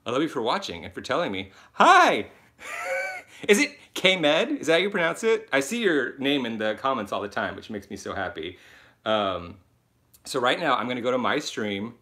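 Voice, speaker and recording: A young man hosting his first live stream from his phone, chatty and excitable, laughing often as he reads out viewer comments. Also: medium pitch, normal speed. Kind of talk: casual live-stream chat.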